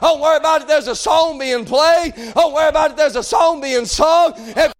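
A man preaching a sermon, swinging between shouted appeals and hushed passages. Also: extremely high pitch, a little fast.

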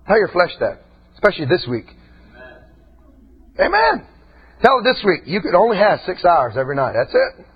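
A man preaching a sermon with passion, his voice rising to shouts and dropping low again. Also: breathy edge, highs cut off. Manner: impassioned, shouting, swinging between loud and quiet.

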